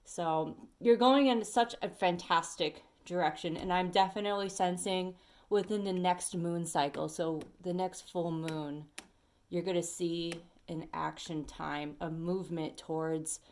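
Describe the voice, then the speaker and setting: A woman at home giving a casual tarot reading to her viewers, chatty and animated, talking straight to the listener. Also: fairly low pitch. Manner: sings snatches of songs and talks to bugs. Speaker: tarot reader. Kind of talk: casual weekly energy reading.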